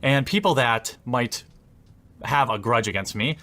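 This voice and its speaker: A man speaking a monologue to camera, laying out his argument in a measured way with rising endings. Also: medium pitch, animated, a bit bright. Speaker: commentator in a played video.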